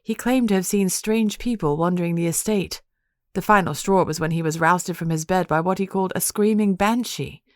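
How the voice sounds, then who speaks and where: A woman's voice: fairly low pitch, moderate pace, dry recording, clean studio sound, natural voice. A woman voicing a gracious, proper countess who speaks in refined, formal phrasing.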